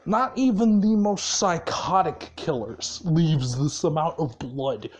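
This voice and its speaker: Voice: medium pitch, takes it slowly. A storyteller telling a fan-made story in a rambling, profane, casual way, with lots of fillers and frequent laughs.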